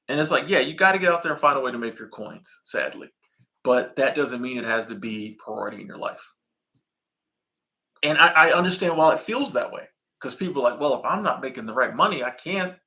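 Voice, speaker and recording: A man in his thirties with a medium-pitched, pushed and bright voice hosts a casual live stream, reading viewer comments and chatting in a relaxed, slangy manner.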